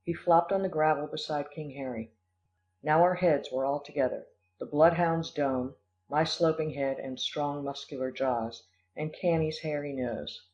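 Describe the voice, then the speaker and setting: A man narrating an audiobook in a measured, expressive storytelling manner. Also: fairly high pitch. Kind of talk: audiobook reading. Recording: dull lo-fi recording.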